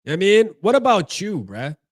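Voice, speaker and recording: A man's voice: high voice, very animated, quick pace, dry recording, studio quality. A man hosting a fan postgame show, ranting casually with slang and lots of repeats and restarts.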